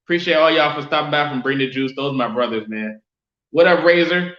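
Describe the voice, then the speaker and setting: A man hosting a casual sports fan live stream, chatting loosely and giving viewers shout-outs. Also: a little high, fairly quick. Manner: casual, reads and answers chat shout-outs. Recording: roomy, dull lo-fi sound.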